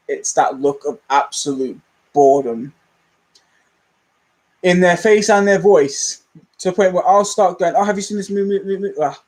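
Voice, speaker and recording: A man's voice: a little high, a little mellow, rough recording. A young man, rambling candidly and self-deprecatingly as a movie channel host in a casual livestream chat.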